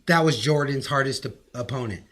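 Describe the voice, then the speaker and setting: A man's voice: medium pitch, fairly quick, a bit bright. A man in a casual podcast debate, arguing animatedly and leaning on "like" as filler.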